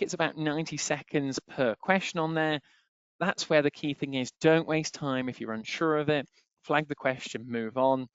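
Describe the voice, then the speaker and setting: A man's voice: medium pitch, smooth, dry recording. A man teaching an exam-prep webinar in a chatty, repetitive way. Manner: chatty, repeats filler phrase "on there". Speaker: exam tutor. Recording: dry, slightly dull webinar audio.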